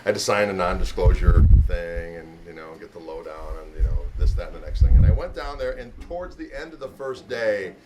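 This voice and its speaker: A man's voice: low voice, animated, brisk, hardly any pauses, lo-fi sound, heavy background noise. A middle-aged man, a guitarist, casually telling a story and introducing a pickup demo in a rambling, conversational way. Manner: rambling, conversational, full of "you know".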